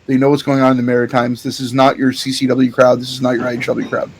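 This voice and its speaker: A man's voice: mid-range voice, completely flat delivery, fast. A man co-hosting a podcast, animatedly telling a story in casual chat, swearing freely and laughing often. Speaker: podcast co-host. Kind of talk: casual chat, recounting a show.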